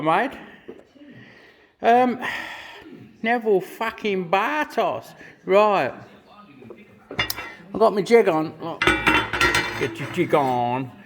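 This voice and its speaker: A man's voice: sits high, a bit bright. A man in his fifties, a custom motorcycle builder, giving rambling workshop build commentary and swearing freely as he works.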